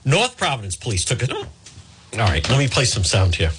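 A man's voice: mid-range voice, wildly swooping pitch, fairly quick, background noise. A male radio host, chatting live on air while fighting hiccups and apologizing with self-mocking humor. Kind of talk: live talk radio, casual.

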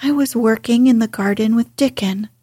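A woman voicing a fierce, obstinate young girl who snaps back defiantly in a breathy voice. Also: a little high, normal speed, warm tone, no room sound, clean studio sound. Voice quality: breathy whisper. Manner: defiant, retorting.

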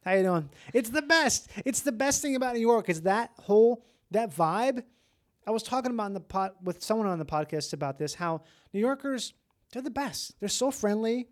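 A podcast host from Los Angeles, chatting casually in an excitable, rambling way. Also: medium pitch, normal speed. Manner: rambling, excitable, lots of fillers. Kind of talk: casual chat.

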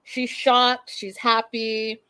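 Sassy, animated woman recapping a show. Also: fairly high pitch, extremely slow, no echo. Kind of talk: casual reality-TV recap.

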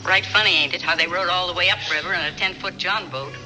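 A woman's voice: lowish voice, quick pace, close to an everyday voice, low-quality recording. An actress playing a stern, plain-spoken rural woman guardian in a 1950s film, with blunt, dry speech. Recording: old film soundtrack with loud music.

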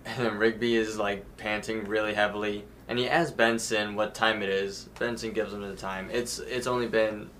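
A man's voice: fairly low pitch, level tone, moderate pace, few pauses, fairly bright tone, a little hiss or hum. A man on a podcast, retelling cartoon scenes in a matter-of-fact, casual way. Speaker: podcast co-host. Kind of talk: casual episode recap chat.

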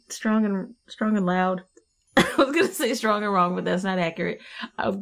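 Chatty woman podcast host, slightly low voice. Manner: chatty, laughs often, relaxed and warm-hearted. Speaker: podcast host and tarot reader. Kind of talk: casual podcast chat.

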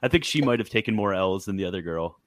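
A man's voice: low voice, lively intonation, fast talker, no room sound. A man hosting a casual group chat, reading aloud from his screen and reacting bluntly with frequent laughs. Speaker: host.

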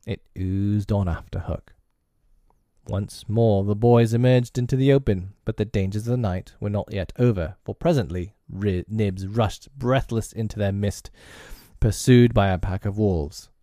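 A man reading a children's storybook aloud in an expressive storytelling manner. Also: on the low side, measured pace, no echo, clean studio sound. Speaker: narrator.

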